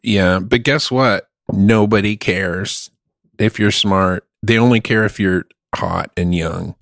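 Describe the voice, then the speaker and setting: Gravelly man riffing crude jokes. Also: fairly low pitch, slow pace, fairly bright tone, no room sound, clean studio sound. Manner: goofy, riffing, crude humor. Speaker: podcast co-host. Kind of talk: casual comedic chat.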